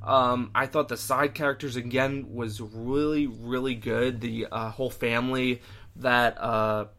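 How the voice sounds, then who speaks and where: A man's voice: mid-range voice, steady tone, a little slow, pushed and bright, a little hiss or hum. A young man co-hosting a podcast in casual chat, easygoing, agreeable and a little hesitant. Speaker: podcast co-host.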